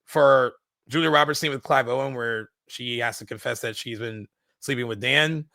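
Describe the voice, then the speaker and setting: A man's voice: mid-range voice, moderate pace, pushed and bright, dry recording. A man co-hosting a podcast, chatting casually and keenly about a film, with lots of filler words and restarts. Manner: enthusiastic, many "like" fillers and restarts. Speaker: podcast co-host.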